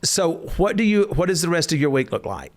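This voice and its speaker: A man's voice: on the high side, a little fast. A man, co-hosting a casual podcast and telling stories animatedly. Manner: animated, rises to hollering when telling stories. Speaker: podcast co-host. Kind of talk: casual storytelling chat.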